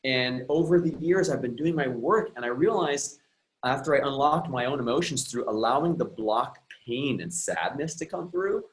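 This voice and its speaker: On a rough recording, a man with a mid-range, expressive voice speaks at normal speed as a guest coach on emotions and relationships. He shares a personal story with earnest reflection, frequently restarting what he's saying.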